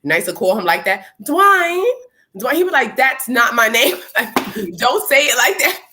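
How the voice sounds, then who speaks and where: A woman panelist in casual chat, playful and expressive. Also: on the high side, moderate pace.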